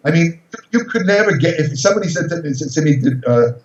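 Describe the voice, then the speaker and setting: A man's voice: fairly high pitch, quick pace. Older man telling an anecdote, echoey. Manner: animated, repeats words and restarts often. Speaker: guest storyteller. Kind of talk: casual interview anecdote. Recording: echoey, slightly dull recording.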